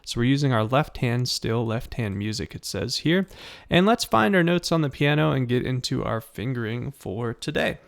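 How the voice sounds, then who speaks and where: A man's voice: medium pitch, lively intonation, creaky. Patient man teaching a piano lesson. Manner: patient, encouraging, counts aloud and names notes slowly. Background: piano notes.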